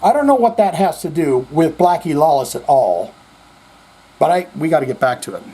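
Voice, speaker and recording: A man with a somewhat high, husky voice rambles through a casual monologue. He swears freely and slips into quoted voices as he tells his stories. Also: very animated, moderate pace, dark tone. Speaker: host.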